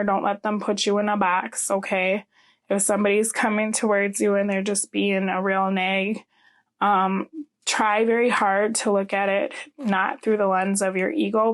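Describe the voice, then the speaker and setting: A woman's voice: medium pitch, level tone, moderate pace. A woman giving a casual tarot reading, chatty, often ending her points with "okay?". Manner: chatty, frequent "um" and "okay?" tags. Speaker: tarot reader.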